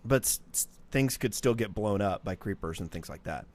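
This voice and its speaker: A man with a fairly low voice talks through a casual podcast chat. He stumbles over his words and repeats himself as he rambles, relaxed and unscripted. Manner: rambling, halting restarts. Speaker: podcast co-host.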